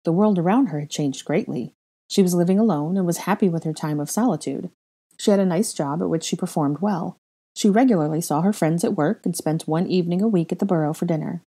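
Low, mellow woman reading a story. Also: fairly quick. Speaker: fan fiction reader. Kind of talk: audiobook-style narration.

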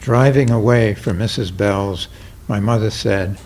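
An older man reads his own memoir aloud in a slow, deliberate way. His tone is mellow and relaxed, and he gives the quoted people only a light touch of voicing. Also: fairly low pitch. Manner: slow, measured reading with mild voicing of quoted characters. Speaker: memoir reader.

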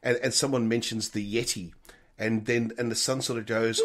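A man's voice: fairly low pitch, normal speed, a bit bright. A man with an Australian accent co-hosting a casual chat, rambling and laughing as he restarts his sentences. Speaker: co-host.

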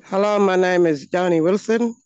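A woman from the Northern Territory of Australia with an Australian accent, speaking in an earnest, halting way with frequent pauses, giving a heartfelt personal address outdoors. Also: lowish voice, darkish tone, smooth, no echo, muffled recording. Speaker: speaker at a launch event. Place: outdoors on her home land.

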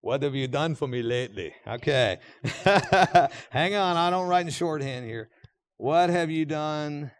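A middle-aged man preaching a sermon in a church, animated and joking with the congregation. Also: fairly high pitch, measured pace, no room sound, studio quality. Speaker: pastor. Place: church sanctuary.

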